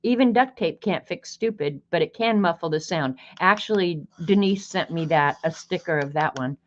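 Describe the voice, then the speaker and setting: A woman with a lowish voice hosts a relaxed art livestream, greeting viewers by name and reading snarky sayings aloud. Her chat is easygoing and chatty. The stream audio sounds a little dull and lo-fi. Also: moderate pace.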